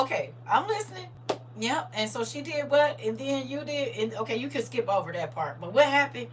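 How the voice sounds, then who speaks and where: A middle-aged woman with a St. chatting casually with viewers on a livestream, telling animated stories and acting out her own reactions. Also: on the high side, slow pace, pauses often, distant mic, slight background noise, poor audio. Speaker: livestream host.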